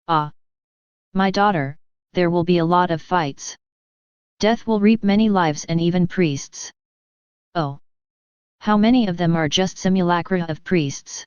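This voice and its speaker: Casting: a woman voicing a tender, solemn divine man, low and silky-clear, in a dull, dry lo-fi recording. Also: unhurried, pauses often, no room sound, lightly acted. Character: gentle sorrowful male divine speaker, man.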